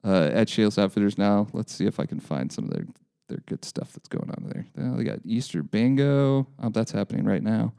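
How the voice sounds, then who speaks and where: A man's voice: on the low side, fairly quick, creaky, warm tone, smooth, no room sound, studio quality. A man co-hosting a local news podcast in casual, joking chat, often correcting himself as he goes. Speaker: podcast co-host.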